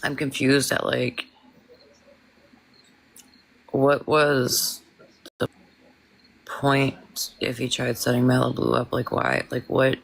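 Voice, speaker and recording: A woman's voice: a bass voice, flat delivery, slow, creaky, pauses often, rough recording. A woman joining a livestream as a guest, talking in a rambling, emphatic way and swearing often. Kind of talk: casual livestream chat.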